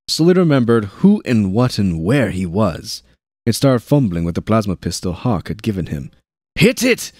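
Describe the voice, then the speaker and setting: A man reading a war novel aloud as narrator, with steady narration and shouted dialogue lines. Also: on the low side, dry recording, studio quality. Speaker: audiobook narrator.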